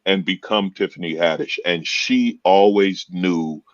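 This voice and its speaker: Deep-voiced man telling animated stories. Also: measured pace, muffled recording. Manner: animated storyteller, acts out quotes in raised voice. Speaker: comedian guest. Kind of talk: casual podcast conversation.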